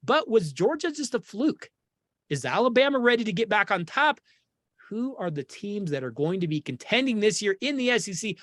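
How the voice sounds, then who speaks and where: A man hosting a sports talk show, talking in an animated, opinionated and jokey way. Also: high voice, moderate pace, dry recording, studio quality. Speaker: podcast host.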